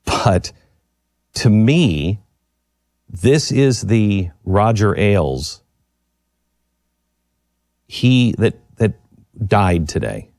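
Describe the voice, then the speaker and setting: Earnest male radio host, lively pitch. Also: no echo, studio quality. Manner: earnest, reflective, with halting restarts. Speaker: radio talk show host. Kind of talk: personal storytelling on air. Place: radio studio.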